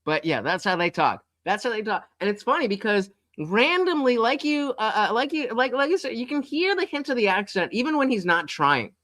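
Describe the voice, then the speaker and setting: A young man hosting a live stream, chatting casually in an animated, rambling way with many fillers. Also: high-pitched, a little fast, few pauses. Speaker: streamer host.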